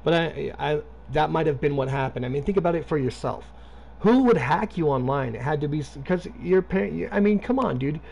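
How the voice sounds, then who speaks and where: A man's voice: a little high, lively intonation, fairly quick, vocal fry, darkish tone. A man streaming a video game, chatting casually and rambling with lots of swearing. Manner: profane, rambling, talking to a friend. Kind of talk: casual gaming stream chat.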